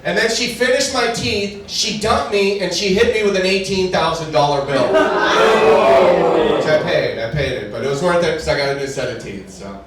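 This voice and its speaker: Speaking at normal speed in a slightly high voice, a male comedian on a club stage tells conversational stories and belts out his punchlines to a live crowd. Heavy background noise, an echoey room, a far-off mic, and audience laughter mark the recording.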